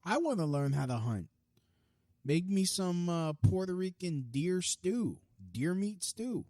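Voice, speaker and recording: A young podcast host with a high-pitched, dark-toned voice and big pitch swings delivers a heated, profane rant. Fast-talking and prone to restarts, he's captured in a dry, clean studio recording.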